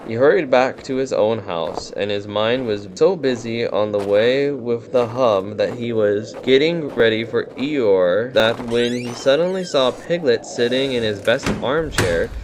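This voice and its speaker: A man gently reading a bedtime storybook aloud as the narrator, in a soothing manner. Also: mid-range voice, animated, measured pace, background noise.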